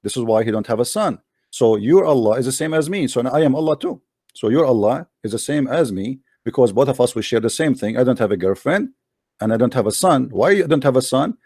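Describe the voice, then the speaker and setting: A man's voice: medium pitch, lively intonation, a little fast, dark tone, husky, dry recording. Argumentative man, dry close sound. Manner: argumentative, mocking, challenging. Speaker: host. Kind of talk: debate on a live call-in stream.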